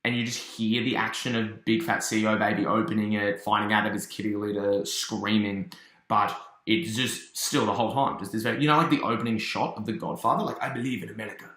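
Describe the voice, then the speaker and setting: A man casually recapping and reviewing a cartoon episode, telling it as an animated story with quick asides. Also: fairly low pitch, roomy sound.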